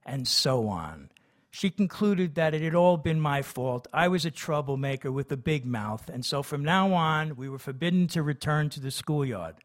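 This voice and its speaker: A man's voice: fairly high pitch, animated, moderate pace. A man reading his memoir aloud, who breaks off into chatty, hesitant asides. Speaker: memoir narrator.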